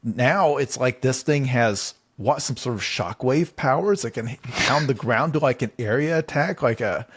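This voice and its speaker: A man's voice: mid-range voice, expressive, measured pace, few pauses, husky. A man co-hosting a comedy podcast, talking in a rambling, incredulous way with frequent restarts. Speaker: podcast co-host. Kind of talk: casual comedic chat.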